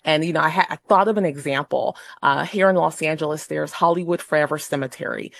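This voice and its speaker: A woman speaking as a guest paranormal investigator on a call-in radio show. She talks in an animated, expressive way, with quick restarts. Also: low voice, vocal fry, no room sound. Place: Los Angeles.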